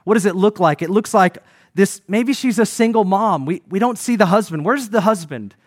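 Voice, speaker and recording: A man's voice: sits high, moderate pace, no room sound, clean studio sound. A man preaching a sermon as pastor, building emphasis and calling on the congregation to respond.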